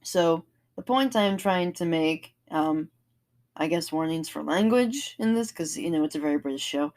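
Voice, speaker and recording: A woman's voice: low-pitched, lively intonation, moderate pace, darkish tone. A woman vlogging in a casual, rambling monologue, earnest and enthusiastic, often restarting her sentences.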